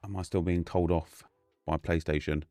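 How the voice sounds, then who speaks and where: A man's voice: low-pitched, steady tone, moderate pace, warm tone, dry recording. A man hosting a gaming live stream, casually greeting viewers by name in a loose, chatty way.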